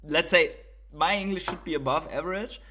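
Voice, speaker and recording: A man's voice: on the high side, moderate pace, pushed and bright, a little hiss or hum. A man from Germany with a German accent, hosting a casual livestream, thinking aloud, swearing now and then, and often tagging on "right?". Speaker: livestream host.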